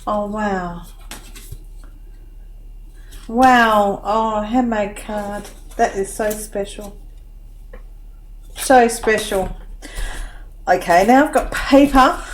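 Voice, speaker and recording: Woman unboxing craft mail, slow and teary, gushing, faint hiss behind. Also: medium pitch. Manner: gushing, excitable, many oohs and wows. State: tearful. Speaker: crafting vlogger. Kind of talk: unboxing vlog chat.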